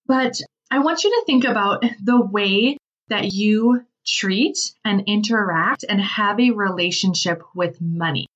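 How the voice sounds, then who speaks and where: A woman's voice: medium pitch, a little slow. A woman giving a casual motivational talk about money, chatty and full of "like" and "right?" asides. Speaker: business owner and money mindset speaker. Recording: slightly distant, dull lo-fi sound.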